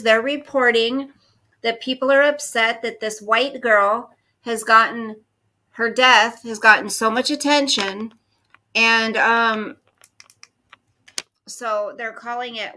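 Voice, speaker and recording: A woman's voice: fairly high pitch, pushed and bright. A woman in her fifties chatting casually on a livestream, reading and answering viewer comments. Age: 50s. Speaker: livestream host.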